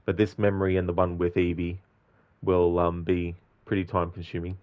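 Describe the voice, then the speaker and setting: Deep voiced guy streaming a game, chatty with chat, muffled mic. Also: monotone, moderate pace. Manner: chatty, talks to chat viewers by name. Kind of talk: casual live-stream commentary.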